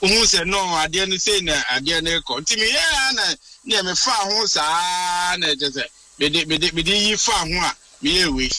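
An animated man spinning a long story as a radio guest. His voice sits high and very bright, and he sounds set back from the microphone. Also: normal speed, hardly any pauses, no echo, far from the mic, rough recording. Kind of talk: casual storytelling.

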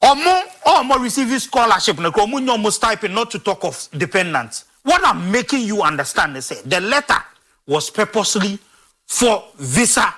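A man's voice: high voice, very animated, moderate pace, fairly bright tone. A man arguing emphatically as a guest, cutting in to rebut points. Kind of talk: heated debate.

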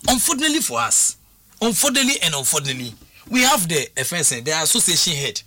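A man's voice: a little high, very animated, fast, pushed and bright. A man talking football as a pundit, emphatic and full of restarts and repeated words. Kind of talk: animated radio sports talk.

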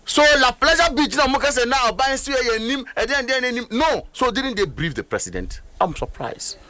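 A man's voice: very high-pitched, sing-song, moderate pace, bright, forceful tone. A middle-aged man with a Ghanaian accent giving heated political commentary, emphatic and full of rhetorical questions. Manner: emphatic, rhetorical, switches between languages.

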